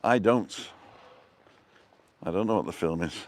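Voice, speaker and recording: A man's voice: deep voice, measured pace, a little mellow. A middle-aged man live-streaming a walking tour outdoors, chatting and greeting viewers by name from a handheld phone. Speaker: vlogger. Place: outdoors on town streets.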